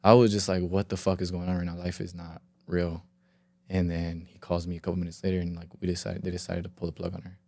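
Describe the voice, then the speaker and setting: A man's voice: sits low, little pitch movement, fast talker, gravelly, warm tone. A young man talking as a podcast guest, telling a long story in a rambling, casual way, with lots of filler words and quoted dialogue and frequent swearing. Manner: swears freely. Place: podcast studio.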